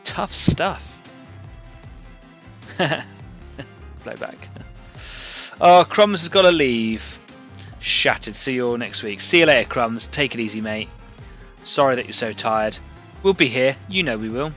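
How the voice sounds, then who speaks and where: A man's voice: mid-range voice, expressive, measured pace, pauses often, fairly bright tone, soft background music. A man hosting a live painting stream, talking casually and rambling as he works and greets viewers from the chat.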